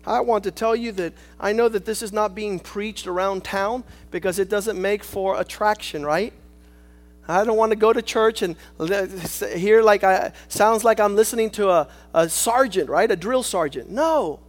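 A man preaching a sermon, swinging between shouted lines and hushed asides, calling on the congregation for amen. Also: sits high, moderate pace. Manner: rhetorical, calls for amen.

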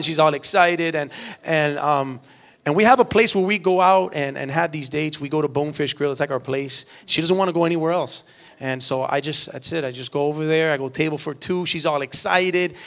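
A middle-aged man preaching with an earnest, storytelling delivery. He often repeats words as he builds a point. His voice sits fairly high for a man. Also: fairly quick, gravelly, fairly bright tone. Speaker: pastor. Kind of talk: sermon.

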